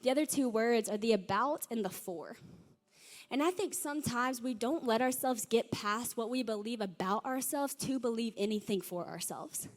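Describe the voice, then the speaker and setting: A woman's voice: on the high side, moderate pace. A young woman giving a casual, story-driven talk to a youth audience, peppered with "like" and "y'all". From Nashville, Tennessee. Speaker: youth speaker. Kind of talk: sermon-style talk.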